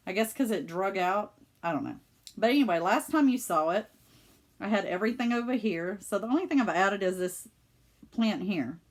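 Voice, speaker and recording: A middle-aged woman with a Southern US accent, chatting casually and with feeling in her cross-stitch vlog at home. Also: medium pitch. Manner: chatty and emotional, with many fillers. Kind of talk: casual chat.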